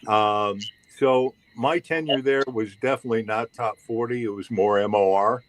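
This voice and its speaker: An older man, a former radio DJ, recalling his years on air in a measured, unhurried way. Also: medium pitch, a little hiss or hum, rough recording. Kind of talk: casual reminiscing chat.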